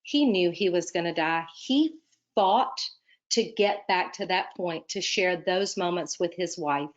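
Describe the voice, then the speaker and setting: A woman's voice: fairly low pitch, a little slow, highs cut off. A woman, an admissions advisor, telling a personal story in an earnest, emphatic way and then giving application advice. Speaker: medical school admissions advisor.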